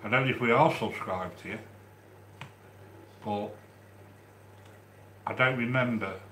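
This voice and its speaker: A man from the English Midlands with a Midlands accent, hosting a live stream and chatting warmly with viewers as he reads their comments, with frequent restarts. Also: medium pitch, measured pace, roomy sound, slight background noise. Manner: chatty and affectionate, with many restarts. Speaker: livestream host reading chat. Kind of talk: casual live-stream chat.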